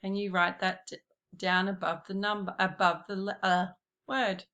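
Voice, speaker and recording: A woman giving a slow, patient classroom lesson, talking straight to her pupils. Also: mid-range voice, level tone, sharp tone. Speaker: primary school teacher.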